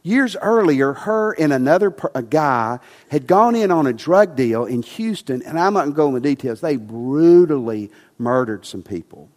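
Passionate pastor preaching in a reverberant hall. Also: male voice, fairly high pitch, lively intonation, moderate pace, hardly any pauses. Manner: emphatic, rising to passionate preaching then dropping soft. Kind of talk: sermon. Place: church sanctuary.

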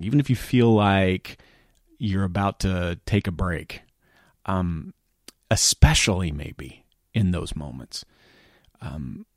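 Earnest deep-voiced man. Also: no echo, clean studio sound. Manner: earnest, halting, drops to soft near-whispers. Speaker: speaker. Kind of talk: reflective motivational talk.

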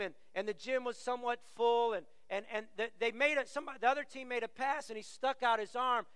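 Middle-aged male pastor, animated sermon delivery, crisp resonant tenor, long hall reverb. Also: extremely high pitch. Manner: animated storyteller, acts out quoted voices.

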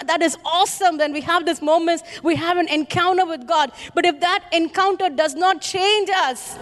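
A woman from India, preaching a sermon with emphatic, repeated rhetorical questions to the congregation. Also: very high voice. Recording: reverberant hall.

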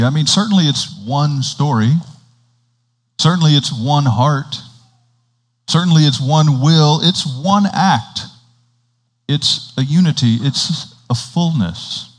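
Man, sermon, conversational preaching, middle pitch, acts out quick dialogues, checks in with listeners. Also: big-room sound, rough recording. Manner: conversational preaching, acts out little dialogues, asks the congregation "right?". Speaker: priest.

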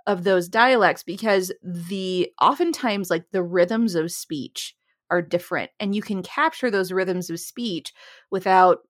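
A woman's voice: fairly low pitch, measured pace, no room sound, clean studio sound. A woman co-hosting a casual writing podcast, giving firm opinions and laughing often. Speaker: podcast co-host. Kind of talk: casual chat.

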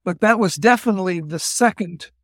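An older man co-hosting a podcast, chatting casually and telling family stories with quick asides. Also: sits high, dry recording, studio quality. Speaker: podcast co-host. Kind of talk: casual family-history chat.

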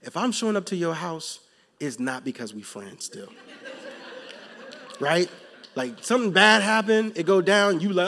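A man preaching a sermon, moving from calm teaching to loud, emphatic passages, with casual slang in his storytelling. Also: sits high, a little slow, long pauses. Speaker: pastor.

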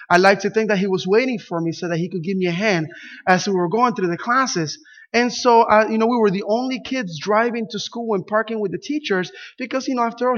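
Pastor, male, Spanish speaker, high voice, animated storyteller, lo-fi recording. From Puerto Rico. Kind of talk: sermon with a personal story. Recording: dull lo-fi sound.

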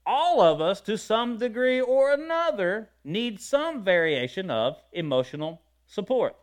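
A man preaching a lively sermon. His voice is fairly high, and its pitch rises and falls a great deal. He asks his listeners questions and breaks into loud shouts of praise. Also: unhurried.

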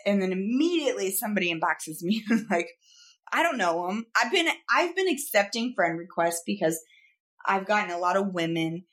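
Animated woman telling stories on a podcast. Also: medium pitch, fairly quick. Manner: animated, self-mocking, laughs while telling stories. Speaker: podcast co-host, photographer. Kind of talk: casual storytelling chat.

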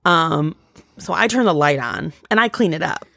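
A woman in her thirties co-hosting a casual podcast, spinning a long anecdote full of "like" and "um". Her voice sits low, and the recording is close and dry with no room sound. She slips into quick impressions of the people in her story. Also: creaky, dry recording. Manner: rambling, animated storytelling with fillers and quoted voices. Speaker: podcast co-host.

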